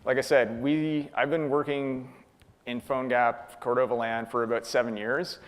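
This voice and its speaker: A man's voice: mid-range voice, level tone, moderate pace. A man from Canada speaking at a tech conference, casually answering audience questions with frequent ums and uhs. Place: conference hall. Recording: long hall reverb.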